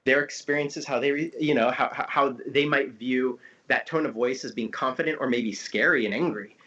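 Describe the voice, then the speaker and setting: A man in a casual conversation, explaining ideas as a guest teacher in an animated way and acting out tones of voice. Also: medium pitch, moderate pace. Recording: dull lo-fi audio.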